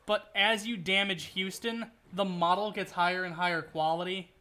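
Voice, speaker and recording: A man's voice: high voice, steady tone, normal speed, sharp tone. A man streaming a video game, rambling and joking through his play and swearing when things go wrong. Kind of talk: casual gameplay commentary.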